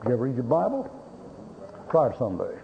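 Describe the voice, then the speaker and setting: A man's voice: medium pitch, wildly swooping pitch, fast talker, creaky. A male pastor preaching a sermon, telling folksy stories with blunt humor and acting out both sides of conversations. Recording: dull lo-fi recording with faint hiss.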